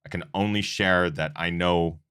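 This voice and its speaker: A man's voice: low voice, steady tone, normal speed, fairly bright tone, smooth, dry recording, studio quality. A man hosting a running channel's awards show, talking earnestly and rambling with restarts. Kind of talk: casual awards show chat.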